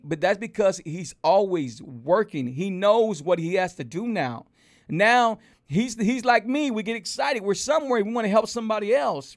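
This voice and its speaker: A man hosting a casual livestream, animated and preachy, hammering home rhetorical questions to his viewers. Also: high-pitched. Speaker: host of a health livestream.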